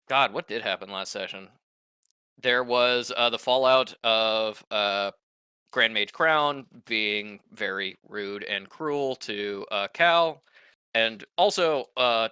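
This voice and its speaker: Slow, bright-voiced laid-back game master. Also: male voice, medium pitch, smooth, no echo. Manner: laid-back, halting, many fillers. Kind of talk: casual chat and session recap.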